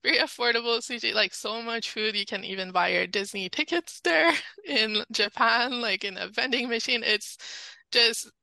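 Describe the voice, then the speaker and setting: French Canadian woman guest, chatty, gravelly bright voice. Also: on the high side, normal speed, dry recording, rough recording. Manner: chatty, many "like" fillers. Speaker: podcast guest. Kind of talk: casual chat.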